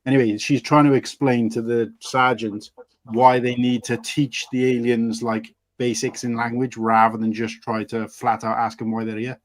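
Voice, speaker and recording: A man's voice: mid-range voice, little pitch movement, moderate pace, no room sound. Chatty stream host man, dry sound. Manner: chatty, rambling anecdotes. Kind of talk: casual stream chat.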